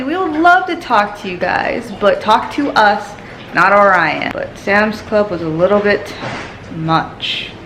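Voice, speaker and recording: A woman's voice: medium pitch, a bit bright, poor audio. A woman vlogging casually, chatting to the camera and giving her dog short commands and cheerful praise. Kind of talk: casual vlog chat. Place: store, then at home in bed.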